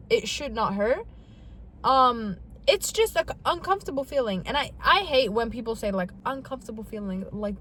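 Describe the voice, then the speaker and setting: Chatty young woman vlogger, high voice. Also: a bit bright. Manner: chatty, dramatic, self-mocking, quick asides. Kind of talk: casual talk to camera.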